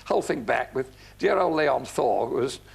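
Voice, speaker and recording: An older man telling anecdotes as a guest on a TV talk show, lively and chuckling often. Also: medium pitch, moderate pace, gravelly, husky. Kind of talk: anecdotal chat. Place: TV studio.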